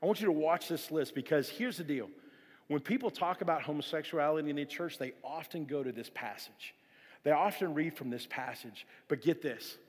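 A man's voice: a little high, brisk, husky. A man preaching a casual, storytelling sermon as a pastor, often restarting his sentences. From South Florida. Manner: storytelling, animated, frequent restarts. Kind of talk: sermon to a youth audience. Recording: long hall reverb.

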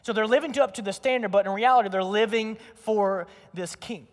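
A young man preaching a sermon with energetic storytelling and acted-out quotes. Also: high-pitched, a little fast. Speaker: pastor. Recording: long reverb of a large hall.

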